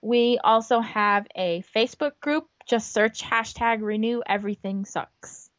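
A woman's voice: a little high, measured pace, few pauses, fairly bright tone, dry recording. A woman co-hosting a podcast in an upbeat, emphatic way, in a dull lo-fi recording. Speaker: podcast co-host. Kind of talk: casual chat.

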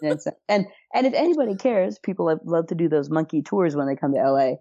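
A woman co-hosting a podcast who adds knowing side remarks and trivia. Her voice is low and mellow. The audio is dry and a little dull, like a lo-fi recording. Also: quick pace, no room sound. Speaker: podcast co-host. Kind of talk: casual chat with trivia asides.

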